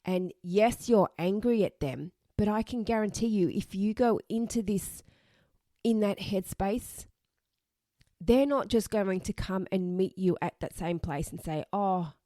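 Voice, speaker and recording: A woman's voice: mid-range voice, mellow, no echo, studio quality. A woman hosting a podcast, giving blunt, emphatic advice and repeating her points for emphasis. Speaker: podcast host.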